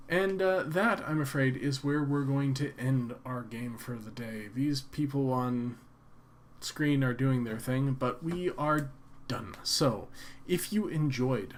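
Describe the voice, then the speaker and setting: A man's voice: medium pitch, takes it slowly, a little hiss or hum. A man hosting a gaming channel, reading the game's text aloud with playful, amused asides.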